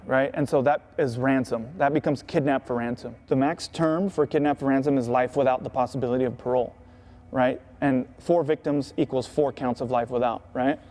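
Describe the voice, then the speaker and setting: Speaking in a medium-pitched, dark voice, a skateboarder looks back on his past during an interview, his talk casual and profane and littered with "right?" and "you know."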